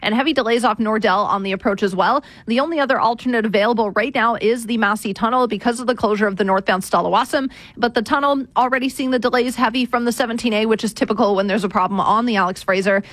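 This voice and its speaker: A woman giving a brisk radio traffic and weather report. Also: a little high, a bit bright, dry recording. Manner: brisk, rapid-fire delivery.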